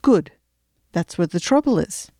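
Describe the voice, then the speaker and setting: A woman's voice: fairly low pitch, animated, a little slow, warm tone, no room sound, clean studio sound. A woman voicing a blunt woman of nearly eighty with a clipped Flemish accent, a former boss who speaks directly. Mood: businesslike.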